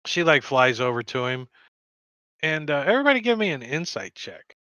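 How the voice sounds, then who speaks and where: A man running a tabletop game as dungeon master, narrating in a relaxed, rambling way. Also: on the high side, moderate pace, no echo, highs cut off.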